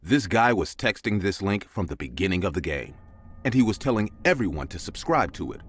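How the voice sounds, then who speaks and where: A man's voice: sing-song, fairly quick, slight background noise. A man narrating a scary story in a dramatic scripted style. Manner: dramatic, with big swings of pitch.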